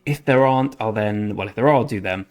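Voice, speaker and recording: A man with a lowish, darkish voice talks quickly while playing a strategy game for his gaming channel. He rambles in a chatty way, often stopping mid-sentence to correct himself.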